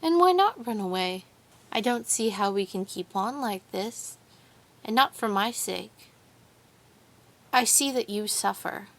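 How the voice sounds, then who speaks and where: A woman reading the part of an earnest young nobleman who speaks in a quiet, soft and persuasive tone. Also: mid-range voice, expressive, measured pace, pauses often.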